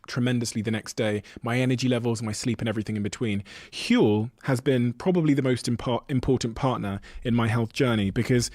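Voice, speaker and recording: A man's voice: mid-range voice, darkish tone, dry recording, clean studio sound. A man hosting a podcast, doing an earnest, personal sponsor read and then asking his guest questions. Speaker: podcast host. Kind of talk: host reads and interview questions.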